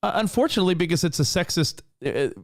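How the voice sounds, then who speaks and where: A man's voice: sits high, animated, fast talker. A man co-hosting a podcast in casual chat, enthusiastic and prone to stammering and repeating words. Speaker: podcast co-host.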